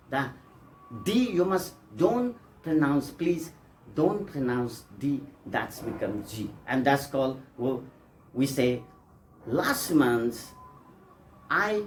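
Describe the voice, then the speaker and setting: A man's voice: a little high, a little hiss or hum. A man teaching an English pronunciation lesson, repeating examples and coaxing his students, often checking they follow. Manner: repetitive, coaxing, with frequent checks for understanding.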